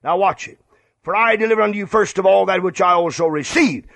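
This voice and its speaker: A man's voice: sits high, fairly quick, creaky, a bit bright, no room sound. An older man preaching a radio sermon, emphatic and repeating phrases for stress.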